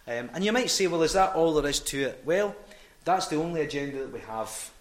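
A Scottish man, a football club chaplain, telling lively anecdotes in a storytelling sermon and acting out the dialogue. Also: fairly high pitch, fairly quick, echoey room. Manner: animated anecdotes, quoting dialogue.

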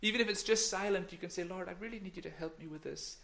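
High-voiced man leading a children's talk. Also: fast, creaky, a bit bright. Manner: playful, encouraging, drops to whispers. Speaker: minister giving a children's talk. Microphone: microphone.

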